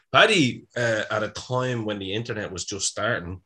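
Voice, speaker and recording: An Irish man in his fifties chatting casually as a podcast co-host, spinning stories with frequent laughter and easy swearing. His voice sits slightly low. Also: sharp tone, slightly rough. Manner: storytelling, laughs often, swears freely. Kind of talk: casual chat.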